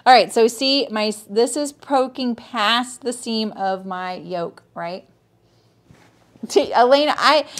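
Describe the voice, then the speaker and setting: A woman's voice: mid-range voice, a bit bright. Woman teaching sewing on a livestream, chatty, says hi to viewers by name, keeps going "right?". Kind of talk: casual live sewing tutorial.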